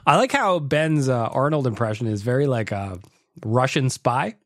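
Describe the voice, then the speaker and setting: A joking male podcast host who swears freely and laughs often. His voice bounces all over in pitch. The recording is dry and close. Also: lively intonation, moderate pace, a bit bright, no echo. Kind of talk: casual podcast chat, reacting to voicemails.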